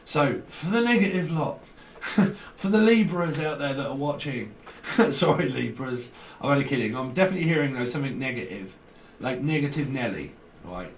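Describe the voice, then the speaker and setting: With an expressive, medium-pitched voice at a moderate pace, a man gives a wandering, jokey tarot reading to camera, punctuated by chuckles. He's far from the microphone, so his voice echoes in the room over a soft hiss.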